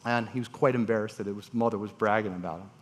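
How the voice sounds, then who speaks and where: A man, a transplant surgeon, telling stories on a conference stage with dramatic pauses and voiced quotes. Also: lowish voice, steady tone. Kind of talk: storytelling talk on stage. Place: conference stage before an audience.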